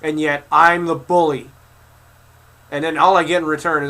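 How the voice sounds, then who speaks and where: A video creator in his twenties answers critics with a furious, expletive-filled rant to camera, stumbling as he repeats himself. He speaks at normal speed in a fairly high, flat voice that sounds pushed and bright.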